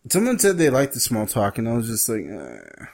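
A man's voice: mid-range voice, sing-song, fast talker, darkish tone. A man co-hosting a podcast in crude casual banter, swearing freely, poking fun at himself and laughing often, in a small room. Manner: profane, self-deprecating, laughs often. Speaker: podcast co-host.

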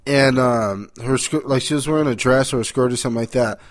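Man, podcast co-host, mid-pitched voice, casual banter, teasing, profane. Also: fairly quick. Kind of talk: casual chat.

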